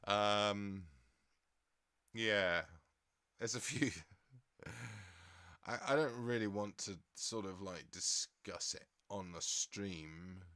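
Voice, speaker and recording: A man's voice: lowish voice, takes it slowly, pauses often, sharp tone, clear, resonant tone, no room sound. An English man hosting a stream in a casual, rambling way, reading out viewer comments and laughing often. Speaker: livestream host.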